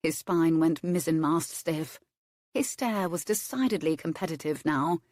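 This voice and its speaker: A woman reading a romance novel aloud as its narrator, measured and expressive. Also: low-pitched, no echo, studio quality. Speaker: audiobook narrator.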